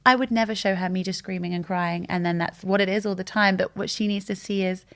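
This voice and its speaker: A woman's voice: medium pitch, fast. A woman in her thirties talking candidly and openly in a casual chat, telling stories with animation. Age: 30s. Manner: open, candid and animated storytelling. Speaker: guest.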